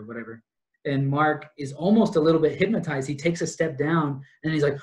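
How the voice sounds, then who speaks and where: Young guy rambling thru every detail of the chapter, kinda higher voice, lots of likes and ums. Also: a little fast. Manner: rambling, detail-heavy retelling with many fillers. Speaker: podcast co-host. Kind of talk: casual book discussion.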